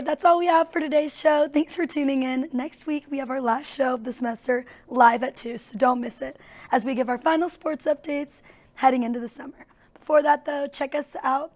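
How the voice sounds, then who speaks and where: A young woman host reading a scripted sign-off for a student sports show in a studio. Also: sits high.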